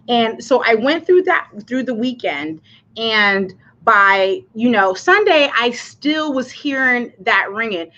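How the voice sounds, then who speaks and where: Woman livestream host, mid-pitched, nervous and chatty, full of fillers, on slightly muffled audio. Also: bright, forceful tone. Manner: chatty, rambling, many fillers and restarts. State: anxious, voice cracking. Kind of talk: casual personal livestream.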